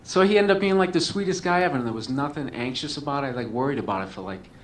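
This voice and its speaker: A man's voice: mid-range voice, animated, fast, slight background noise. Profane, rambling male comedian telling a story. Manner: profane, rambling, self-mocking. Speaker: comedian guest. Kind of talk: storytelling on a talk show.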